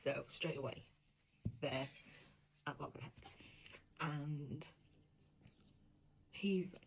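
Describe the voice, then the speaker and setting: A lower-voiced woman chatting casually as a book editor, animated and profane. She drops into breathy whispers when she gets worked up. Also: takes it slowly, a little hiss or hum, low-quality recording.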